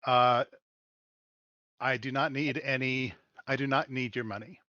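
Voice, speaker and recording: A man voicing a calm, discreet woman who works at a bar, speaking plainly and matter-of-factly with some hesitations. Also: medium pitch, measured pace, no echo. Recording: dull lo-fi sound.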